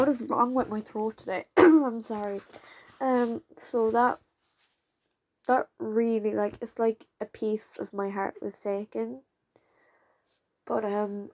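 Young woman, casual vlogger, rambling, teary, dry sound, middle pitch. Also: a little mellow, no room sound. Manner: rambling, halting, with many fillers and restarts. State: fighting back tears. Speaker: channel creator. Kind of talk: casual vlog talk to viewers.

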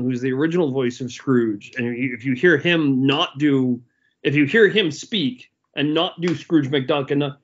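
A man's voice: a little high, highs cut off. A man co-hosting a casual podcast review, talking enthusiastically and rambling with frequent restarts. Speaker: podcast co-host.

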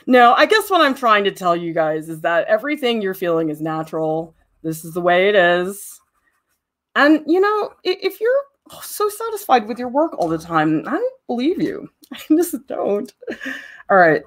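A young woman teaches a drawing demo in a loose, chatty way, with her pitch leaping up and down as she talks. She laughs often and makes fun of her own work while she tells classroom stories. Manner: self-deprecating, laughs often, animated storytelling. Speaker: art teacher.

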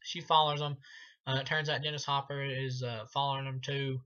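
A man's voice: mid-range voice, flat delivery, fairly quick, sharp tone, clear, resonant tone, muffled recording. A man giving a casual spoken film review, rambling, laughing often and swearing freely.

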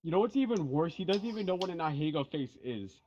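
A man's voice: fairly high pitch, animated, fast talker, warm tone, highs cut off, a little hiss or hum. A young man in casual gaming voice chat, incredulous and swearing, with theatrical outbursts. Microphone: gaming headset.

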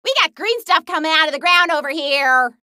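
A woman's voice: high-pitched, brisk, pushed and bright, dry recording, clean studio sound. A woman voicing a hyper, gleeful young huntress in a video game who loves smashing things, bubbly and bouncy. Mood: chatty. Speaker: game character.

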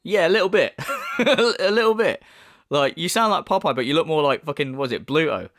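A man's voice: on the high side, expressive, fairly quick, fairly bright tone. A man commenting casually on a video, mocking and swearing a lot. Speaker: YouTuber responding.

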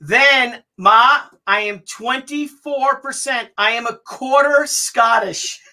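A man hosts with an excited, teasing energy. He keeps stalling before each reveal. His voice has a sharp, bright edge. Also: very high-pitched, slow. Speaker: host. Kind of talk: casual family chat.

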